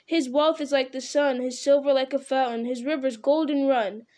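A woman reading aloud, voicing a crowd of townsfolk shouting and chanting in joy. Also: high-pitched, fairly even intonation, moderate pace, lightly acted. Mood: jubilant. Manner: chanting, jubilant.

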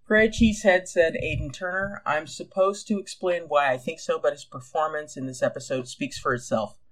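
Guy with a higher voice reading out comments, playful and animated. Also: normal speed. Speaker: podcast co-host. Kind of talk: casual discussion and reading listener comments.

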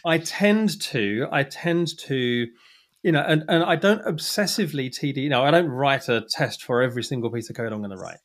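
A man's voice: mid-range voice, expressive, moderate pace. A man talking casually as a podcast guest, chatty and self-deprecating, often restarting his sentences. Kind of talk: casual conversation.

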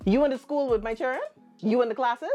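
A woman's voice: on the high side, quick pace, warm tone, soft background music. A woman with a Bahamian accent hosting a casual podcast chat, teasing and playful with her friends. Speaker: podcast host.

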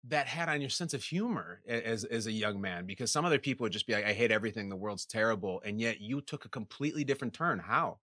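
A man's voice: fairly low pitch, lively intonation, fast, hardly any pauses, sharp tone, dry recording, clean studio sound. A man hosting an interview, playful and upbeat as he asks questions. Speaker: host. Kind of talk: casual interview.

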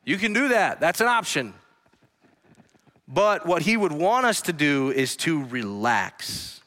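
A man pastor preaching a sermon in a church, earnestly swinging between hushed lines and emphatic ones. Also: a little high, very animated, slow pace. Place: church sanctuary. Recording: long hall reverb.

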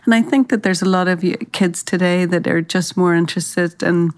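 Irish actress telling stories, low-pitched. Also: female voice, steady tone, moderate pace. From Ireland. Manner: thoughtful, anecdotal, with frequent restarts. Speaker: actress, interview guest. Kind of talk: reflective interview storytelling.

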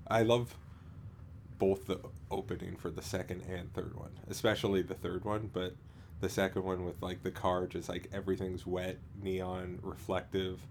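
Speaking in a deep, flat, slightly mellow voice, this man co-hosts a podcast and chats casually, rambling and halting with lots of fillers, restarts, and laughter. There's a bit of hiss or hum in the recording.

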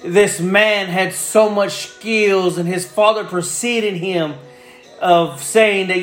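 A man's voice: high-pitched, steady tone, takes it slowly, a bit bright, soft background music. A man preaching a sermon with fervor, repeating phrases and building in intensity. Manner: fervent, repetitive, builds in intensity.

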